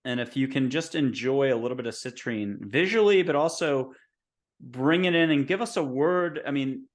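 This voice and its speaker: A man hosts a spiritual interview show in a gentle, reflective voice of middling pitch. He muses aloud between questions and draws his guest out softly. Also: animated, moderate pace. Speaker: host.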